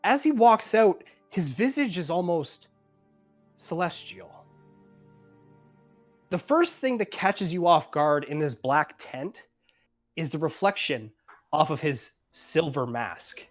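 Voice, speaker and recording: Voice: medium pitch, animated, takes it slowly, long pauses, faint music behind. A Canadian game master narrating a tabletop game in a laid-back way, chuckling often.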